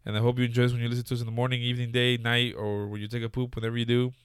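A man co-hosting a casual podcast chat, animated and swearing, often stammering and restarting his sentences. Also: mid-range voice, racing, smooth, no echo, clean studio sound. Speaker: podcast co-host.

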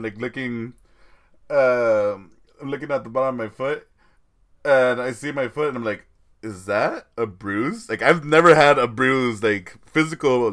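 A young man hosting a podcast, telling a story in a rambling, laughing, animated way. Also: mid-range voice. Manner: rambling, laughs often, tells stories animatedly. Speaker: podcast host. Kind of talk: casual chat.

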